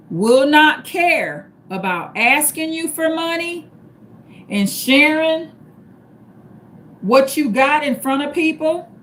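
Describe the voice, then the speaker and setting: With a high, slightly bright voice, a woman hosting a live stream shares casual advice in an emphatic, repetitive style, laying out each step explicitly. The audio has a faint hiss or hum.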